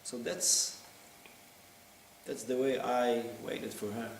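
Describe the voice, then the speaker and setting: A man delivers a confessional stage monologue with intensity and halting pauses. His voice sits mid-range. The sound is distant and echoey, with a faint hiss. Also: mid-range voice, steady tone. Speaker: actor performing a monologue. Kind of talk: theatrical monologue. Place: theater stage.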